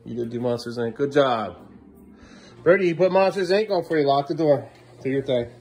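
A man's voice: medium pitch, lively intonation, normal speed, a little mellow, breathy edge. A man, a father, talking casually to his kids at home in a vlog and scolding them firmly and repetitively. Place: family home, indoors.

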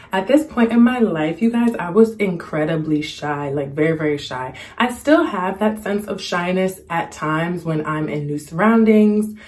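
A young woman chatting casually to the camera, telling a story and acting out the quotes in a higher voice. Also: a little mellow. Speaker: storytime vlogger.

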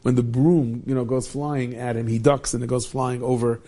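Dark-voiced man telling a story. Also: mid-range voice, moderate pace. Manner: animated storyteller, Yiddish and Hebrew words. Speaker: rabbi and storyteller. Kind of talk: storytelling talk.

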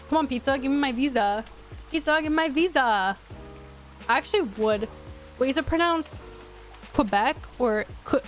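A young woman in her twenties, a streamer chatting casually with her chat while playing a game, giggly and teasing. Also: a little high. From United States. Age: 20s.

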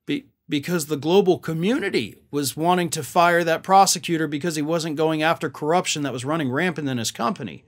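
A man's voice: fairly high pitch, a little fast, few pauses. A man hosting political commentary, talking in a sarcastic, mocking and exasperated way.

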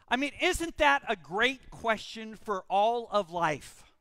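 A man preaching a sermon as pastor, reading scripture and praying in a slow, emphatic way with dramatic pauses. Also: sits high, lively intonation, pushed and bright, dry recording. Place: church sanctuary.

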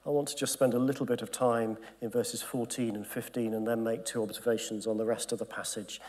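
A man's voice: mid-range voice, level tone, a little fast, a little mellow. A man, a bishop giving an earnest Bible teaching to gathered clergy, sometimes dropping to a near-whisper. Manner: earnest and emphatic, drops to a near-whisper at times, acts out quoted voices. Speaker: bishop leading a Bible study. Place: conference hall.

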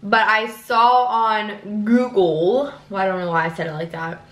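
A woman's voice: medium pitch, steady tone, measured pace, fairly bright tone, echoey room, far from the mic. Rambling, swearing young woman vlogger. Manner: rambling, swears casually, fillers and self-talk. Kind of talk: casual chat vlog.

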